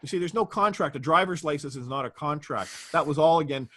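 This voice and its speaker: Male guest, talks fast and emphatically, rhetorical questions, voice pitched a little high. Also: pushed and bright. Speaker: interview guest. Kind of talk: conversational interview.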